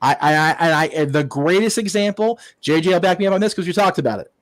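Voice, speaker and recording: A man's voice: on the high side, fast, no room sound, low-quality recording. A man hosting a wrestling watch-along, ranting casually with profanity and stammered restarts. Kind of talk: casual online chat.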